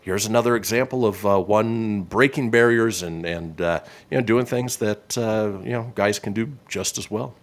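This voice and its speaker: A man's voice: fairly low pitch, normal speed, hardly any pauses. A man hosting a radio show in casual banter, reading history items and laughing often. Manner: lively, laughs often, loud segment openers.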